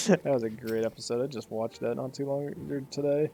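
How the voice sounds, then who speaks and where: A man's voice: mid-range voice, fairly even intonation, normal speed, gravelly, pauses often, music in the background. A man giving casual, sarcastic commentary while playing a game. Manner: sarcastic, offhand, laughing asides. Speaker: let's play gamer.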